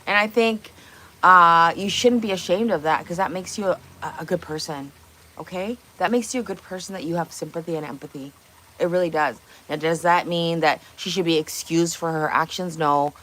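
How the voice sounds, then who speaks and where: Hosting a laid-back livestream in her home kitchen, this woman is outspoken and profane, tossing out rhetorical questions as she goes. She speaks at a moderate pace in a sharp, lowish voice.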